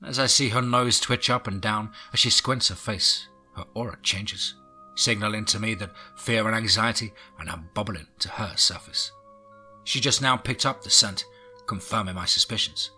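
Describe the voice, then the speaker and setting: A man reading a horror audiobook in a low, brooding way with whispered asides. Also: normal speed, sharp tone, faint music behind. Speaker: audiobook narrator.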